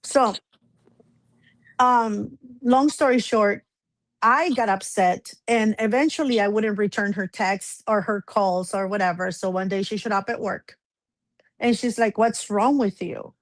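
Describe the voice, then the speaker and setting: A woman's voice: mid-range voice, a little slow, no room sound. A woman in her forties, a guest in a casual chat, telling a personal story in a rambling way with many fillers and restarts.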